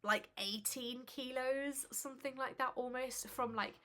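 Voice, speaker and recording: A woman's voice: sits high, fairly even intonation, unhurried, sharp tone. A young woman talking casually as a pregnancy vlogger, chatty with lots of fillers and a little out of breath. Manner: chatty, conversational with frequent fillers. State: slightly out of breath. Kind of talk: casual informative vlog.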